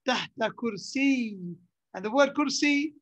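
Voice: high voice, measured pace, fairly bright tone, no echo. Dull, dry lo-fi recording of a grammar teacher. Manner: repeats terms and checks understanding with short questions. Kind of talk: classroom lesson.

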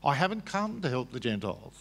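A man's voice: medium pitch, big pitch swings, gravelly, a bit bright. Man explaining scripture in a reverberant hall. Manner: explains scripture patiently, halting restarts. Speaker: debater. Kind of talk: public debate answer.

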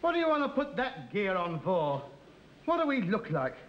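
In a 1950s radio comedy, the comic lead plays an indignant, pompous man on a cruise who blusters and huffs. His high voice swoops wildly in pitch at a normal pace, heard through a muffled old recording with hiss.

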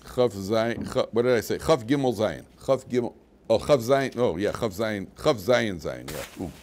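A man's voice: fairly low pitch, moderate pace, slight background noise. An older man, a rabbi, giving an informal Torah class, digressive and full of asides, with a dry, mocking humor. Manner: animated, digressive, with restarts and asides.

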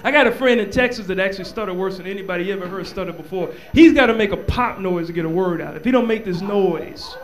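A man doing a live stand-up comedy set, telling stories with a stutter and an animated delivery on a club stage. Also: sits high, fast, hardly any pauses.

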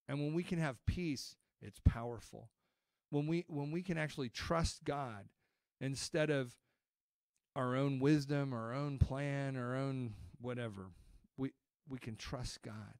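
A man's voice: medium pitch, no echo. Conversational male pastor, dry sound. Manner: conversational storytelling preaching with repeated restarts. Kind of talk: sermon.

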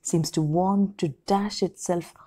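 Woman teacher, story lesson, dramatic reading, mellow husky voice. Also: on the low side, steady tone, slow. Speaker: English teacher.

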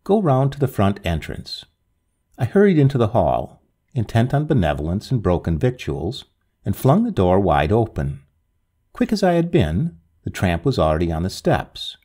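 A man reading a Victorian ghost story aloud with a dramatic, expressive delivery. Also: lowish voice, moderate pace, breathy edge.

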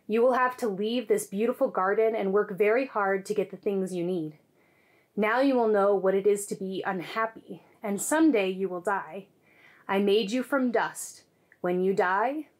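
A woman voicing God in a children's Bible story, calm and plain. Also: medium pitch, natural voice. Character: God calling gently to Adam and Eve.

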